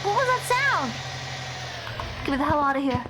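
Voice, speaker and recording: A young woman streaming horror games live, talking excitably and profanely and shrieking at the scares. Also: high-pitched, moderate pace, heavy background noise. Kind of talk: live gameplay commentary.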